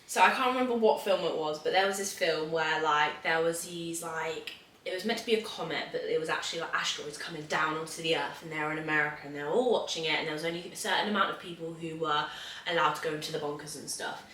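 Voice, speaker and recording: Bright chatty woman, roomy sound. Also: sits low, fast talker, a little hiss or hum. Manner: chatty, animated storytelling. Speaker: podcast co-host. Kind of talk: casual chat. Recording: echoey room, mic at a distance.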